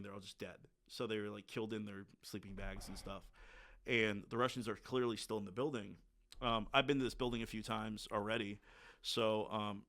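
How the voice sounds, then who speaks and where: In a lowish, slightly bright voice, a man who served in the military swaps war stories with a podcast host. His storytelling is relaxed and conversational, frank and straightforward, and peppered with fillers.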